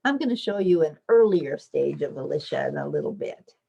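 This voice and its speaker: A woman giving an online academic lecture with slides, explaining patiently and lifting into lively children's voices when she quotes them. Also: low-pitched, fairly quick, vocal fry, breathy edge, lo-fi sound. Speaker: invited lecturer.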